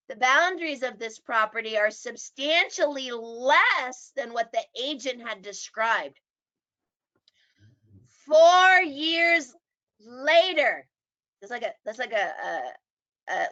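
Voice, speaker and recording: A middle-aged woman teaching real estate agents, animated and acting out quoted people. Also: fairly high pitch, slow. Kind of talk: presentation. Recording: dull lo-fi audio.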